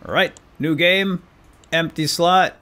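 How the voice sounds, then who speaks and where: A man's voice: a little high, steady tone, takes it slowly, slight background noise. A man hosting a let's play, chatting casually and self-deprecatingly to viewers and now and then barking playful orders at his game crew. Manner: breaks into loud mock-commanding calls at the game crew. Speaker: gaming channel host.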